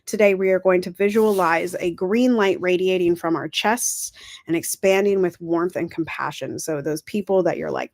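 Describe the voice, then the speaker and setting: A woman hosts a casual livestream in a lowish, chatty voice, encouraging and often correcting herself. Her throat sounds dry. The sound is close and dry, with no room around it. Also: moderate pace, darkish tone, dry recording. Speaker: livestream host.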